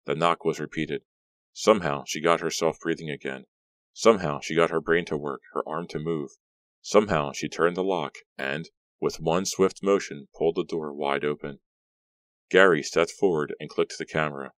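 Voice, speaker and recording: A man narrating an audiobook in a steady, measured way. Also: rumbling low, dry recording. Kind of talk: scripted narration.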